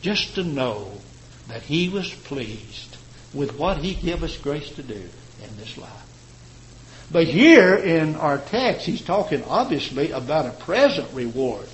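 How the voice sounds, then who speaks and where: A man's voice: very animated, takes it slowly, low-quality recording. Man, fervent sermon, stretched emphatic words, faint hum behind. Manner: impassioned, swelling and dropping in pitch and volume. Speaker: preacher.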